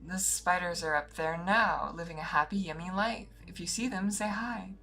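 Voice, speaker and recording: A woman voicing a friendly, childlike giant talking spider in a video game, with a bright, higher and louder voice than her own. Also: normal speed. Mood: cheerful. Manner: bouncy, cheerful, childlike.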